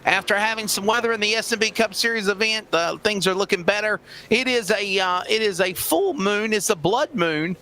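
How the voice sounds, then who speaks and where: A man doing play-by-play commentary for a sim racing broadcast, upbeat with scripted announcer patter and quick asides. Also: high-pitched, sharp tone, a little hiss or hum.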